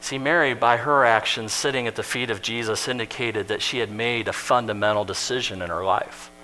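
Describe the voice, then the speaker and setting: A man's voice: mid-range voice, steady tone, brisk, bright, forceful tone, a little hiss or hum, rough recording. A man preaching a sermon in a conversational, storytelling way, acting out the lines he quotes.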